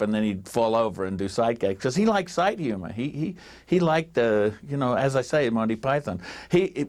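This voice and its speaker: An older man, answering interview questions with animated stories, laughing and acting out the voices of people he quotes. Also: medium pitch. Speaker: interviewee, writer on a TV special. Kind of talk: anecdotal interview storytelling.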